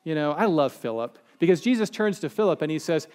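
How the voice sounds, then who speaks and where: A man's voice: a little high, expressive, brisk, darkish tone. A male pastor giving a casual, conversational sermon with humorous asides and acted-out quotes. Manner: chatty, joking, acts out quoted people.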